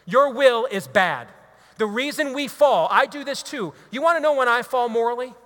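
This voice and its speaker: High, bright-voiced man preaching in a hall. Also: normal speed. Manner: preachy, emphatic, builds to loud exhortations. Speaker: radio talk show host giving a talk. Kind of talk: impassioned speech to a live audience. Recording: long hall reverb.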